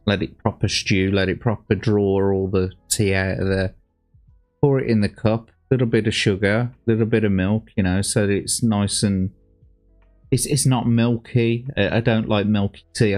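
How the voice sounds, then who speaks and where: A man's voice: fairly low pitch, darkish tone. A man casually commenting on a livestream, rambling and sweary with plenty of slang. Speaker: streamer reacting to old adverts.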